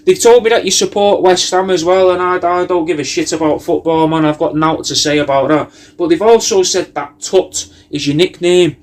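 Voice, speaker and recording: A man's voice: sits high, normal speed, few pauses. A man, hosting a comedy cameo and riffing in a meandering, sweary monologue. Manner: meandering, sweary, riffing loosely with lots of "mate". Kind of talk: rambling comic monologue.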